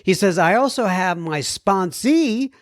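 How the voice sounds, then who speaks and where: A man's voice: sits high, expressive, measured pace, no echo, studio quality. A man hosting a podcast, reading out listener letters with chatty asides and stumbling over hard words. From United States. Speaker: podcast host. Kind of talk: reading listener messages aloud.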